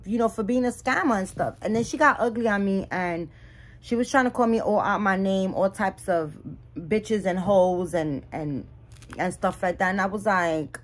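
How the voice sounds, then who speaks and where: A woman vlogging about her reborn dolls, telling a story in a chatty, animated way with many restarts and asides to viewers. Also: mid-range voice. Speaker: doll collector YouTuber. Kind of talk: casual vlog storytelling.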